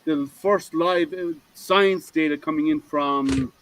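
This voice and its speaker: A man's voice: on the high side, takes it slowly, a bit bright, a little hiss or hum, rough recording. A man hosting a casual group video hangout, chatty and teasing, laughing often. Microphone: video call.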